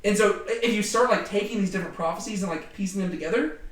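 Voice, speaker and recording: A man leading a casual Bible study, talking in an animated way with many fillers. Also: high voice, quick pace. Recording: echoey room, distant from mic.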